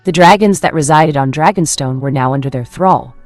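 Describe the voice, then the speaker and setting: A woman narrating a fan fiction story in a steady, dramatic manner. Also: sits low, a little fast, no room sound, soft background music.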